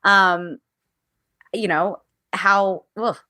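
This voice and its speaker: Bright-voiced woman, candid and earnest. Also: medium pitch, steady tone, very slow, dry recording, studio quality. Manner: earnest, reflective, with restarts. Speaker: musical theater actress, guest. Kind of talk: candid casual conversation.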